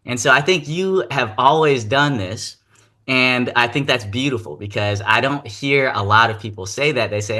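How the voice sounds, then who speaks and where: A man's voice: mid-range voice, normal speed, pushed and bright. A man hosting an interview podcast, talking reflectively and asking his guest questions. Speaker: podcast host. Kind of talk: casual interview talk.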